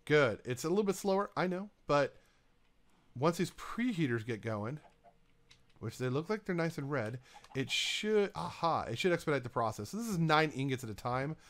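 A man's voice: on the high side, animated, normal speed, fairly bright tone. A man casually talking through his game as he plays, chatting to himself and to the items he places. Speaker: gaming YouTuber. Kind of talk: casual let's-play commentary.

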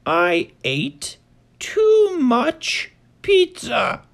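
A man voicing a small bird in a children's story, with a high, squeaky voice. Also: wildly swooping pitch, very slow, creaky, exaggerated voice. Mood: sorry.

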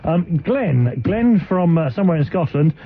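A man co-hosting comic radio banter in a high, lively voice. He delivers listener jokes dryly, slowing down for the punchlines. The sound is dull archive radio, with crowd noise behind. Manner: dry, reads listener jokes with slow punchlines. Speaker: radio co-host. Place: radio studio.

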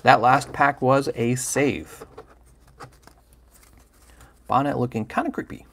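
A man's voice: medium pitch, steady tone, slow pace, gravelly, a bit bright, a little hiss or hum. A man hosting a livestream, chatting casually and playfully while opening trading card packs and teasing viewers by name.

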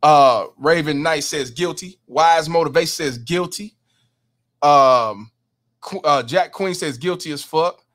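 A man's voice: on the high side, measured pace, fairly bright tone. A man hosting a casual livestream, reading viewer comments aloud and emphatically agreeing with them. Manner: emphatic, repeats "hundred percent", reads chat names. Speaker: livestream host.

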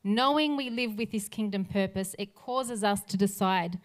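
A woman's voice: mid-range voice, normal speed. A woman pastor preaching a sermon in an earnest voice, building lists of phrases toward a rousing close. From Australia.

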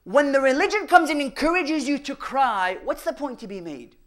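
A man giving a religious lecture, firing rhetorical questions at the audience and swinging between loud emphasis and hushed asides. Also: extremely high pitch, lively intonation, normal speed. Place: mosque or Islamic center hall.

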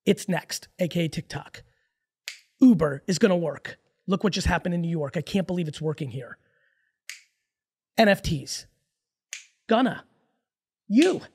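A man in his forties, a podcast guest, talking in a casual, emphatic and profane way with rapid-fire stories. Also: sits high, expressive, creaky, darkish tone, slightly rough. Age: 40s.

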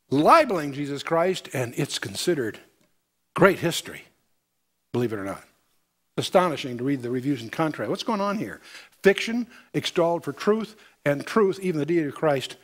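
A man giving a verse-by-verse Bible lecture, reading scripture aloud and breaking in with pointed commentary. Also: on the high side. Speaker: Bible teacher.

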